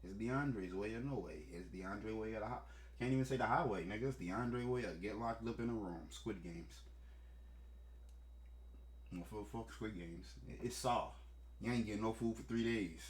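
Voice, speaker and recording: Low-voiced guy doing casual reaction commentary, blunt, jokey, swears a lot. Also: brisk. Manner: blunt, joking, profane asides. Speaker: commentary host.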